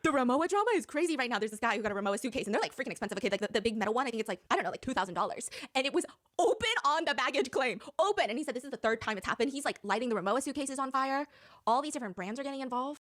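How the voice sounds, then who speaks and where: A woman co-hosting a podcast, telling a story in an animated way with frequent laughter. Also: sits high, rapid-fire. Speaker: podcast co-host. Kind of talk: storytelling commentary.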